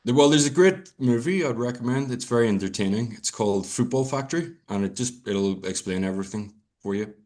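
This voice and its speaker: A man's voice: medium pitch, animated, a little fast, few pauses, darkish tone. A young Irish man chatting as a podcast guest, rambling and swearing freely with many restarts. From Ireland. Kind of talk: casual chat.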